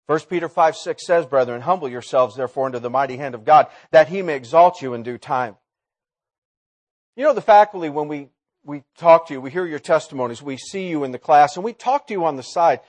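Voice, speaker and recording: Man, preacher, chapel sermon, slightly high voice, loud emphatic lines, quiet low asides.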